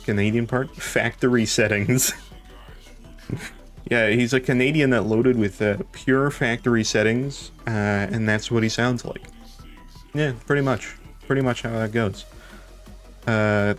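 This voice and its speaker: A young man chatting casually on a live stream, rambling, laughing often and swearing now and then. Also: mid-range voice.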